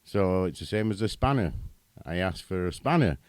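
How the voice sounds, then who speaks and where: A British man speaks in a deep, low voice as a podcast guest. He tells chatty stories and chuckles at them. The sound is dry and close. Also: animated, moderate pace, a little mellow, no room sound. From Britain. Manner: chatty storyteller, chuckles at own anecdotes. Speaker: guest, runs animal bylaw service. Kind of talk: casual podcast chat.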